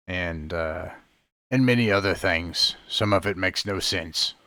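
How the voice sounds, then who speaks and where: A man narrating a tabletop game as game master, describing scenes in a halting way full of fillers over an online call. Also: low-pitched, sharp tone, dry recording. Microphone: online call microphone.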